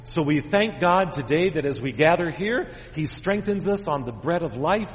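Man, pastor, children's sermon, fairly high voice, long church reverb, dull sound. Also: expressive, moderate pace. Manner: asks children many simple questions.

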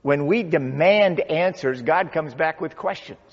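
A man preaching a sermon as pastor, with slow, dramatic pauses and swelling emphasis. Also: fairly high pitch. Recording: dull sound with long church reverb.

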